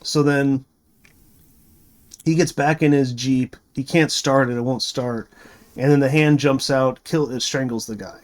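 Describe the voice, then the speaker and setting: A man's voice: medium pitch, steady tone, measured pace. A man reviewing a movie, retelling the plot in a rambling, casual way full of fillers and restarts.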